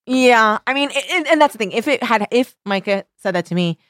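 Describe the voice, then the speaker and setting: A woman's voice: on the high side, animated, a little fast, fairly bright tone, no echo, studio quality. Blunt, assertive woman chatting. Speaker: podcast co-host. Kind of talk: casual chat.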